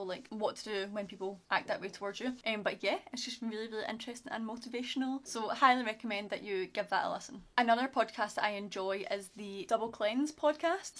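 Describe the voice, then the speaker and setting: A woman's voice: a little high, a bit bright. A young Scottish woman chatting casually to camera as a vlogger, gushing about her favourites with lots of fillers. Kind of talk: casual chat.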